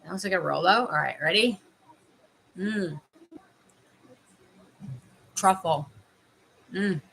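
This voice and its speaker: A bright, forward-sounding middle-aged woman chats casually on a livestream, tasting candies and giving viewers advice. A faint hiss sits behind her voice. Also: fairly low pitch, takes it slowly, vocal fry, poor audio. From Canada. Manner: chatty, tasting candy while advising viewers. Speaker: life coach livestreaming.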